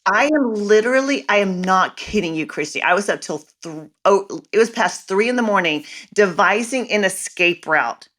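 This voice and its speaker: A woman speaks as a guest mom coach in a casual interview. She tells stories with animated, dramatic flair. Her voice has an ordinary middle pitch. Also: normal speed, few pauses.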